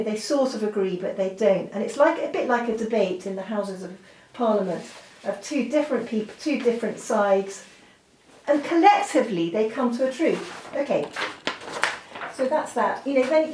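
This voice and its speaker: A woman's voice: a little high, darkish tone. A woman giving a drawing lesson, chatty and full of fillers, often breaking off with apologetic asides. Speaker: art teacher. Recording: roomy, from a distance, faint noise.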